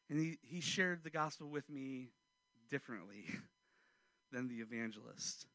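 Preacher guy in his 40s telling a story, gets loud then goes real quiet, bright tone, dry close sound. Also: mid-range voice, unhurried, no echo. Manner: storytelling, animated, swings from loud to hushed. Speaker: pastor. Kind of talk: sermon with personal story.

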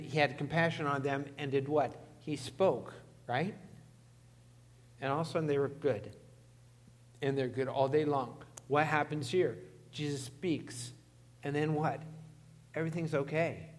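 A man's voice: fairly high pitch, long reverb tail. A man preaching a sermon, emphatic and putting questions to the congregation. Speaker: pastor.

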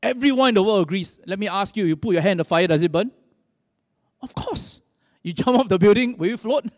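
Male pastor, high voice, sermon in a big reverberant hall, chatty, quizzes the crowd. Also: expressive, fairly quick, studio quality. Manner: conversational, asks the audience questions.

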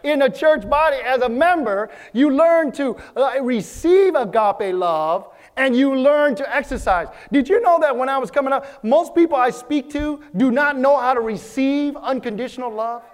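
Male pastor, very high voice, earnest sermon delivery in a reverberant hall. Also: animated. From Vietnam. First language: Vietnamese. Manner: earnest, repeats phrases, slows for emphasis.

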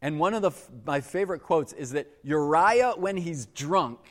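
Animated pastor with a lively, echoing voice. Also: male voice, on the high side, moderate pace. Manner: casual, conversational storytelling with lively quoted voices. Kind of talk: sermon. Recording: echoey hall with long reverb.

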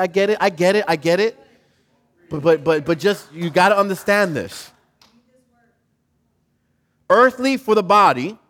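High-voiced animated male preacher. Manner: casual, animated preaching with slang and repetition. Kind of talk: sermon.

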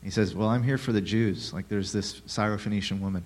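A man with a lowish voice preaches a sermon at a fairly quick pace. He poses rhetorical questions to listeners, slips in sarcastic asides, and swings lively between hushed and loud delivery.

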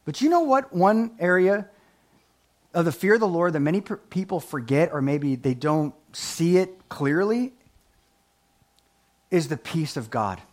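A man with a high-pitched voice preaches a sermon. His pitch leaps around as he swings from loud, emphatic lines to quiet asides. He reads scripture and laughs at his own jokes. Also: expressive, measured pace, pauses often. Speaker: pastor.

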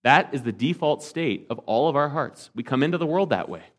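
Man preaching, swinging loud to hushed. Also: mid-range voice, animated, a little fast. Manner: preaching with rhetorical questions to the congregation; swings between emphatic and hushed delivery. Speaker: pastor. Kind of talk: sermon.

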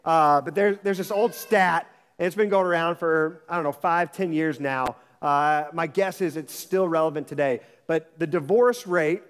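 A man's voice: on the high side, big-room sound. A man preaching a sermon as pastor, emphatic and repeating his phrases with frequent restarts.

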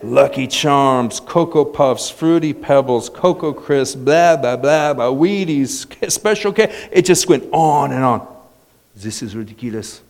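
A man preaching a sermon as a pastor, telling stories and building to loud exclamations. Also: on the high side, slow, vocal fry, few pauses. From United States.

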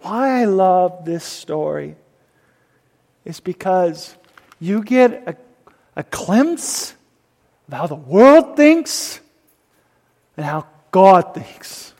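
A man preaching a sermon, swinging between loud emphasis and hushed whispers. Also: high voice, sing-song, drawn-out words, long pauses. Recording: long reverb of a hall.

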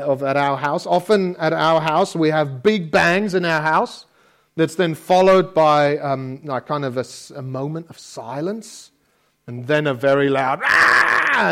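A man preaching a sermon as pastor, in a conversational way with homely stories from family life and frequent checks like "okay?". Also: fairly high pitch. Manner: conversational preaching with personal anecdotes; frequent restarts, asks listeners "okay?".

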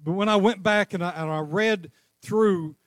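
A man preaching a sermon, crying out passionately at times and easing into a calm teaching tone at others. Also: sits high, normal speed, dry recording, clean studio sound. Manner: impassioned preaching, rising to cries then dropping to a calm teaching tone. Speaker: pastor.

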